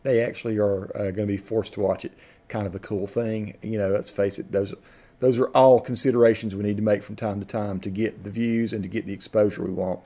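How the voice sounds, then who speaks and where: A man's voice: fairly low pitch, fairly even intonation, brisk, mellow. A middle-aged man giving a casual screen-recording tutorial, folksy and rambling, often correcting himself mid-sentence. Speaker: video tutorial host.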